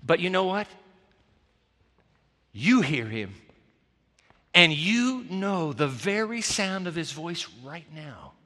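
A man preaching a storytelling sermon, swinging dramatically between loud bursts and hushed near-whispers. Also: sits high, animated, unhurried, hardly any pauses, big-room sound.

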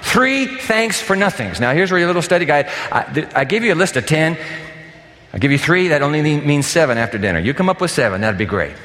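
A man's voice: fairly high pitch, brisk, in a large hall. Older male pastor preaching, conversational. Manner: animated, conversational, emphatic. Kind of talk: sermon. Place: church sanctuary.

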